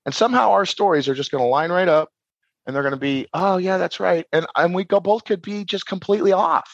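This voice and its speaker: Rambling, animated man with a dry sound. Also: sits high, quick pace, dry recording, highs cut off. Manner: rambling, repeats words and restarts, animated. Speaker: podcast guest, shadow work practitioner. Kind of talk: casual podcast conversation.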